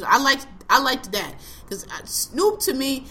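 A woman's voice: high voice, big pitch swings, measured pace, bright, forceful tone. A woman hosting a podcast, chatting casually about a TV show in blunt, profane slang and laughing often. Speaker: podcast host. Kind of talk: casual chat reviewing a TV show.

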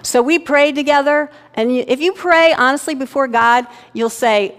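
A middle-aged woman delivers a sermon in a frank, chatty manner, often checking in with her listeners. Her voice sits a little high, and the recording carries the long reverb of a church hall. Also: normal speed, hardly any pauses. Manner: conversational, candid storytelling with frequent "right?" check-ins. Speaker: pastor's wife preaching. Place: church sanctuary.

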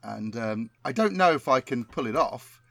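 A man's voice: mid-range voice, lively intonation, moderate pace, creaky, fairly bright tone, no room sound. A man hosting a comedy podcast, chatting casually and hesitantly with frequent ums. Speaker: podcast host. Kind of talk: casual chat.

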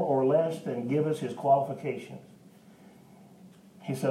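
Warm-voiced man preaching in an echoey church. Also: medium pitch, fairly even intonation, measured pace, long pauses, recorded from a distance, a little hiss or hum. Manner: emphatic folksy preaching with asides. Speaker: pastor. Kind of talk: sermon.

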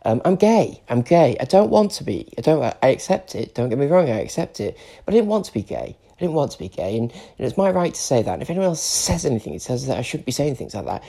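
A man's voice: mid-range voice, big pitch swings, fast talker, gravelly, warm tone, slightly rough. A British man in his forties, tearful and emotional, ranting in an unscripted solo podcast monologue and swearing often. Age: 40s. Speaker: podcast host.

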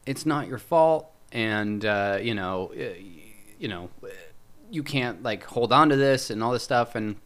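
A man's voice: lowish voice, measured pace, a bit bright. A man casually recapping a TV episode, rambling with lots of fillers and acting out the characters' lines. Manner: rambling, many fillers and acted-out quotes. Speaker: podcast host.

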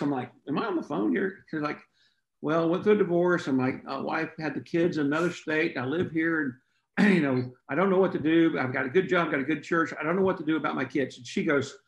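A man, a podcast guest telling his story in a folksy, unhurried way with frequent throat clearing. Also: on the high side, roomy sound, low-quality recording. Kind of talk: storytelling interview chat.

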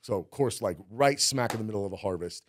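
Low-voiced man telling a rambling story. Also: lively intonation, fast talker, slight background noise. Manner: rambling, heavy use of "like", swearing. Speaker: guest, former cannabis cultivator. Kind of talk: casual storytelling.

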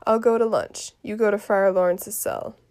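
A woman reading the part of a fussy, complaining old nursemaid aloud from a play, grumbling in a quiet voice. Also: medium pitch, steady tone, moderate pace, smooth, natural voice.

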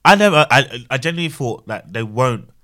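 A man chatting casually among friends on a podcast, animated and opinionated. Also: mid-range voice, brisk. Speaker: podcast co-host. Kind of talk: casual chat.

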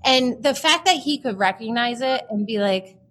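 Woman, 30s, podcast guest; high-ish voice, candid, emotional, filler-heavy storytelling. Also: lively intonation, normal speed, a bit bright, slight background noise.

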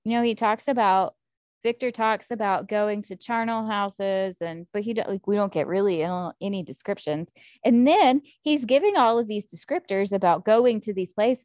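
American woman host, chatty book talk, mid pitch, dry sound. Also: moderate pace, no room sound. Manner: chatty, animated, many "like" fillers. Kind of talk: casual book-club chat.

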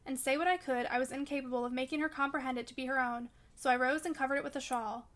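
A woman narrating a classic novel aloud in a measured, steady way. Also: sits high. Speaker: audiobook reader.

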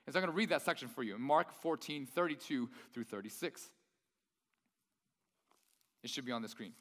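Guy preaching, kinda nerdy and excited, bright tone, hall echo. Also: mid-range voice, brisk. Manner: enthusiastic, nerdy, conversational. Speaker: pastor. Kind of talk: sermon.

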